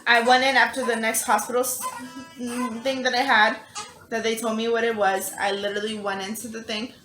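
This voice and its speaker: A woman's voice: a little high, noisy background. Chatty young woman, echoey room. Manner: chatty, animated, acts out quotes. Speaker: vlog co-host, mother. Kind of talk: casual storytelling. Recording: echoey room with music behind.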